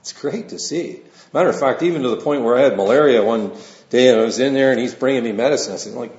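A man's voice: medium pitch, animated, brisk, a little mellow. A man preaching a sermon in a conversational, folksy way, mixing scripture reading with personal asides. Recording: roomy, slightly dull sound.

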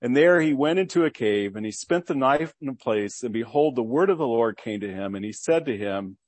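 A man's voice: mid-range voice, animated, a little fast, few pauses, no echo. Earnest male preacher teaching scripture. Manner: earnest Bible teaching with rhetorical questions; reads scripture aloud then explains it. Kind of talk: sermon.

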